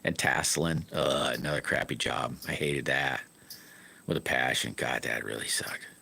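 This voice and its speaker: A man's voice: very deep voice, moderate pace, vocal fry, bright, forceful tone, slightly rough. A middle-aged man, telling rambling, folksy stories in a casual live stream chat.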